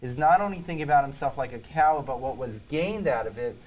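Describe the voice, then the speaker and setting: A man's voice: medium pitch, lively intonation, quick pace, darkish tone, poor audio. A man with a New York accent, a psychologist and police officer, earnestly telling stories in an interview and repeating key points for emphasis. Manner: earnest storytelling, emphatic repetitions. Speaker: psychologist and police sergeant guest. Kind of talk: interview conversation.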